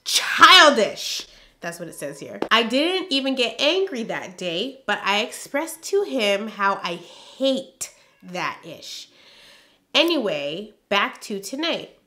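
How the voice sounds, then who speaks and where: Bright-voiced woman telling a storytime. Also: medium pitch, very animated, slow. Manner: emphatic, exasperated asides between read-out passages. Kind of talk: storytime vlog, reading her old journal aloud.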